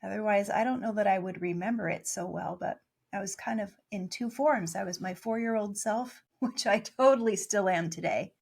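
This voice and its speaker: A woman in her forties telling her story in a casual interview, playful and animated, laughing often. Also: medium pitch, moderate pace, creaky, breathy edge. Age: 40s. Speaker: guest, spiritual channel.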